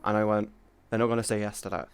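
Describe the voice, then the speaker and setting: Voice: medium pitch, little pitch movement, quick pace, clear, resonant tone. A streamer in casual livestream chat, talking animatedly, swearing freely and often restarting sentences.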